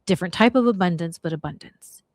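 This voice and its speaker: Animated woman telling a story, dry sound. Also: fairly low pitch, quick pace, no echo. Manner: animated, slangy, acts out quoted voices. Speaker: podcast host. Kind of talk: casual storytelling chat.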